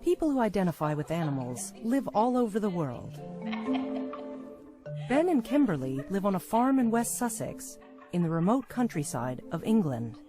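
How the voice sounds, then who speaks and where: A woman's voice: medium pitch, very animated, moderate pace, over music. A woman giving scripted documentary narration.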